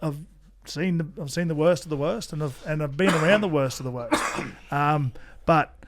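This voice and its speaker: Australian male guest, fairly high voice, loose rambling storyteller. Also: normal speed, very noisy. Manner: rambling storyteller, many restarts and swearing. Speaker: podcast guest. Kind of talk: casual chat.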